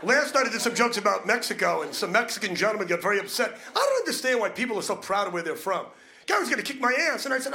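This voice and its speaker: A man's voice: sits high, sing-song, fast, pushed and bright. A man doing a crude, brash stand-up comedy set, punching his lines.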